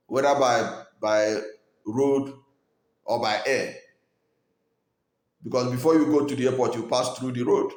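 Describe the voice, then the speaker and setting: A man from Nigeria giving earnest, argumentative political commentary, pausing with fillers and restarting his sentences. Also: mid-range voice, darkish tone, reverberant.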